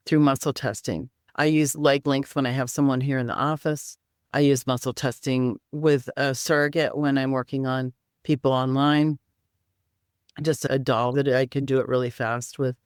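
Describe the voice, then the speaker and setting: A woman's voice: a bass voice, no room sound, studio quality. A woman guest in an interview, explaining healing practices and teaching simple exercises step by step. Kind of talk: interview conversation.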